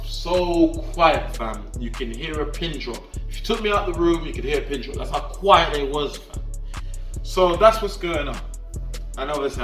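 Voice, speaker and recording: A young man telling a story in an animated, slangy way, often checking that the listener follows him. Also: on the high side, echoey room. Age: young adult. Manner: animated slangy storytelling, often asking the viewer "do you get what I'm trying to say". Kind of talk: casual storytime vlog.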